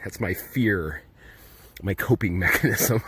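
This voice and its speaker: With a mid-range, somewhat bright and husky voice, the man speaks animatedly at normal speed. He's narrating a casual travel vlog while trudging breathlessly up a steep outdoor road, musing chattily, amid outdoor ambience and background noise.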